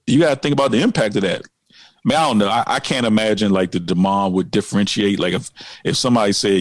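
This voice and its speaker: A podcast co-host chats casually, animated and emphatic, peppering his talk with "like" and "man." His voice is lowish and quick, and the recording is dry.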